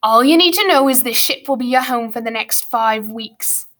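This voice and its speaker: Woman voicing Grumpkin, a gruff cruel schoolmaster. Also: on the high side, normal speed, a bit bright, lightly acted. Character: grumpy, cruel middle-aged male orphanage schoolmaster.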